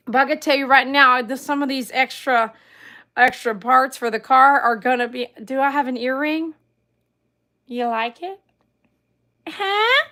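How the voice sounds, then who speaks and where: A woman chats away on her live stream in a high, bright voice. She reads viewer comments aloud, giggles often, and keeps a playful, chatty tone. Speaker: livestream host reading chat. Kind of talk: casual live-stream chat.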